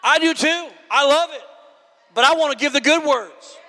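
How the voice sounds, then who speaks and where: A man preaching a sermon with passion, often shouting, building to high cries and calling out to the congregation. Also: normal speed. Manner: calls out to the congregation.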